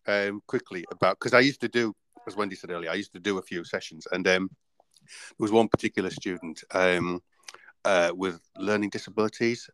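A man's voice: low voice, fairly bright tone, no echo, low-quality recording. A man hosting a casual podcast, telling rambling anecdotes and acting out the voices in them. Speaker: podcast host. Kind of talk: casual storytelling chat.

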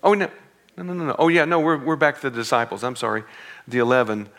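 Gravelly man teaching scripture casually. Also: medium pitch, expressive, fast talker, fairly bright tone. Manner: conversational, with joking asides and self-corrections. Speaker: preacher teaching a Bible passage.

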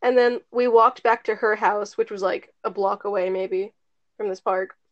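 A woman's voice: mid-range voice, steady tone, moderate pace. A teenage girl casually telling a story to friends, rambling with lots of "like" and some swearing. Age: teens. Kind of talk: casual chat. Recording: dull lo-fi recording.

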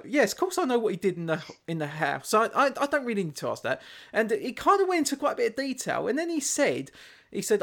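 A man's voice: high voice, sing-song, fast. Rambling man telling a story. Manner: rambling storytelling full of fillers and restarts. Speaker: podcast co-host. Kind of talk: casual chat.

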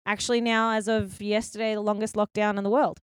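A woman's voice: mid-range voice, flat delivery, fast, clean tone, no room sound, studio quality. A young woman with an Australian accent, a filmmaker chatting casually as an interview guest, full of likes and restarts.

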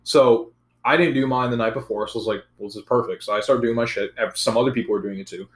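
A young man in casual chat, telling a profane, animated story about school. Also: mid-range voice, fast. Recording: roomy echo.

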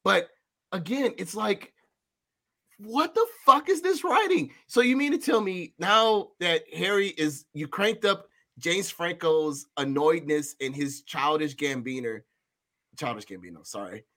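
Male podcast co-host, high bright voice, animated ranting delivery. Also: unhurried. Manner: animated, swearing, ranting with sudden high outbursts. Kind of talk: casual movie review chat.

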